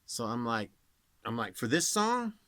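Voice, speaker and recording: Rambling man with a lively voice. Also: medium pitch, a little slow, dry recording. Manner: rambling, demonstrates voices as he explains. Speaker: voice actor. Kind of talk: casual rambling talk to camera.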